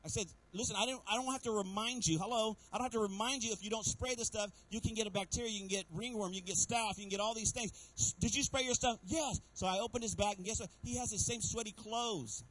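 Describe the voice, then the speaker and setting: A man's voice: sits high, quick pace, hardly any pauses, low-quality recording. A middle-aged man preaching as a pastor, telling stories with humor and calling out to the congregation again and again. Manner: animated preaching with repeated calls to the congregation; storytelling with humor. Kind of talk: sermon.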